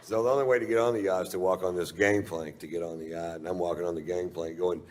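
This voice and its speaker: Low-voiced profane stand-up storyteller. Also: male voice, steady tone, quick pace, darkish tone, long reverb tail. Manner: profane, rambling, chuckling at his own lines. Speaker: stand-up comedian.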